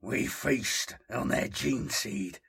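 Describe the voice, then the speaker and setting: A man's voice: lowish voice, takes it slowly, gravelly, slightly rough, heavily acted. A man doing a snarling, brutal warrior. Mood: savage. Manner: growling, shouting.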